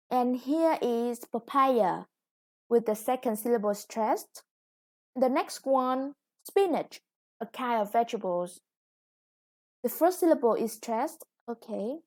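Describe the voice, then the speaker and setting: Woman, English teacher, slightly high voice, slow and careful delivery. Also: a little mellow. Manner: slow, deliberate, stresses each new word. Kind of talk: recorded classroom lesson.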